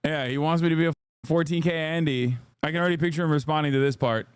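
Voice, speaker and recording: A man reacts to clips on his live stream, cracking wry jokes and dropping profane asides. His voice is smooth and resonant, a little higher than most men's, and sits close on a dry mic with no room sound. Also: fairly even intonation, fast talker, dry recording. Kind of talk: casual live-stream commentary.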